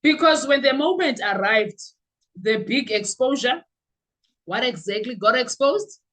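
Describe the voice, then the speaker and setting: A woman with a South African accent hosting a podcast, giving animated, sarcastic commentary full of rhetorical questions. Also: fairly high pitch, unhurried, rough recording. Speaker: podcast host. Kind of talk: opinionated commentary.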